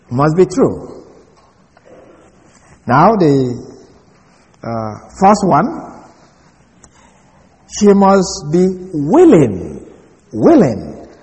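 A man preaching a sermon, slow and emphatic, repeating his key words for stress. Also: on the high side, a little mellow. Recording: long reverb of a hall.

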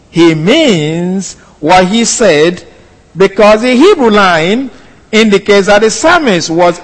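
A male pastor preaching a sermon with slow, emphatic, deliberate delivery. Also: high voice. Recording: long hall reverb.

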